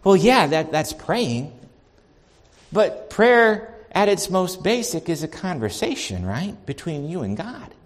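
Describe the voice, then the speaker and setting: Male pastor, sermon, lively delivery, slightly high voice, long hall echo. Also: slow pace. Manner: animated, swings loud and soft, acts out quotes. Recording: long reverb of a large hall.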